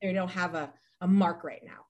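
A woman in her forties, a podcast guest chatting casually and telling rambling, animated stories with many restarts. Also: lowish voice, moderate pace, highs cut off. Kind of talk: casual chat.

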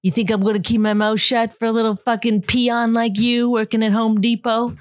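A woman voicing a menacing, tattooed ex-con man with a lowered, mock-threatening delivery. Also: level tone, fairly quick, no room sound, clean studio sound, close to an everyday voice.

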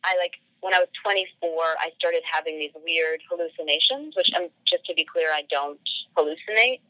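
A woman's voice: lowish voice, brisk, bright, forceful tone, no echo, lo-fi sound. A woman guest on a podcast telling a personal story casually, full of "like" fillers and acted-out quoted dialogue.

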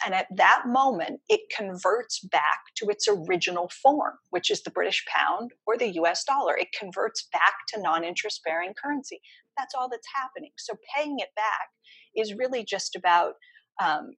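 A woman's voice: mid-range voice, fairly bright tone, slightly rough, no room sound, poor audio. A woman economist answering interview questions, explaining her views emphatically and at length. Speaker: economist guest.

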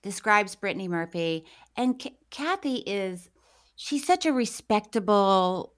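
A woman chats as a podcast co-host, her pitch rising and falling freely. She tells stories with energy and laughs often. The talk stays casual and friendly. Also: a little slow. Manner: animated storytelling, laughs often. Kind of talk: casual chat.

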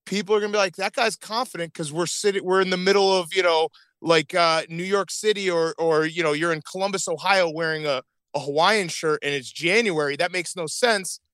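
A man with a somewhat high voice who chats eagerly and emphatically, repeating points to drive them home. His voice is recorded close and dry. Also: fairly quick, fairly bright tone, dry recording. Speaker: podcast guest. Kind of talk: casual chat.

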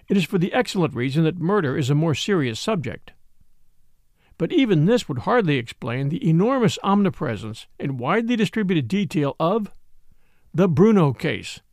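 A man narrating a mystery story in a measured, expressive storytelling manner. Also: a little high, no room sound, studio quality.

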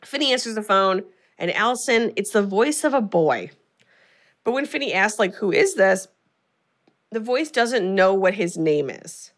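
A woman co-hosting a podcast, recapping a film in a chatty, animated way and swearing freely. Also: medium pitch, normal speed. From California. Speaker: podcast co-host. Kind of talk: casual chat recapping a film.

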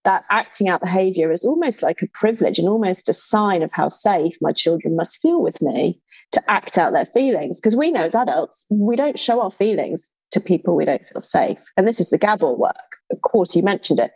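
A woman's voice: lowish voice, lively intonation, normal speed, darkish tone, breathy edge, dry recording, rough recording. A woman hosting an interview, speaking thoughtfully and in a casual, reflective way. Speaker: podcast host.

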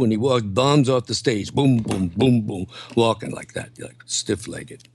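A man's voice: lowish voice, unhurried, a little hiss or hum. Older man telling showbiz stories. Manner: animated, slips into impressions and voices. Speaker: guest comedian and impressionist. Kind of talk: anecdotal storytelling in an interview.

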